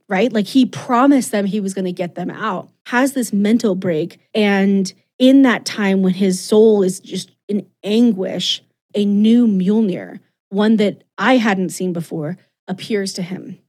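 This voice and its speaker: Warm and mid-range, a woman co-hosting a podcast rambles animatedly through a casual comics recap, wandering into plenty of asides.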